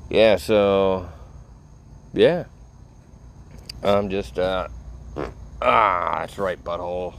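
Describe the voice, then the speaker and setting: A man's voice: sits low, very slow, creaky, long pauses. A tired man rambling casually to his audience, laid-back and full of profanity. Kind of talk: casual rambling talk to camera.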